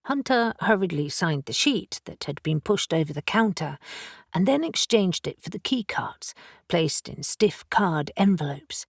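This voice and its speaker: A woman with a low, husky voice narrates a fantasy audiobook from a script, keeping her delivery measured and even. The recording is close and dry, with no room sound.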